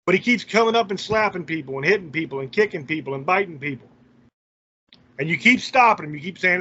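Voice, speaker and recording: A man's voice: sits high, animated, fairly quick, pauses often, pushed and bright, husky. A man hosting his own channel, delivering a heated opinion rant in a blunt, profane and scornful way. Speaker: channel host. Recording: dull lo-fi recording.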